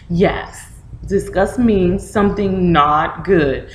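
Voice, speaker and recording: A woman with a lowish voice reads a picture book to young children at an unhurried pace, animated, full of questions, and acting out reactions for this storytime lesson. Poor audio in an echoey room picks up slight background noise.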